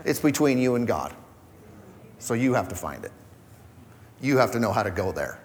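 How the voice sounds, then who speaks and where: A man's voice: lowish voice, sing-song, normal speed, long reverb tail, a little hiss or hum. A man preaching a conversational sermon as pastor, acting out quoted voices as he goes. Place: church hall.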